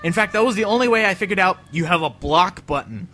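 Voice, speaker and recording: A young man rambles and jokes his way through game commentary, his voice bright and fairly high. His pitch leaps around as he gets excited. A faint hiss sits under the recording. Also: quick pace. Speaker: let's play commentator. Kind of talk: gameplay commentary.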